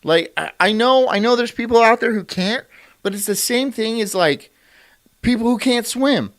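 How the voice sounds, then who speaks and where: A man's voice: very high voice, big pitch swings, normal speed. A man hosting a stream, ranting in profane, incredulous commentary and laughing often. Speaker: streamer host.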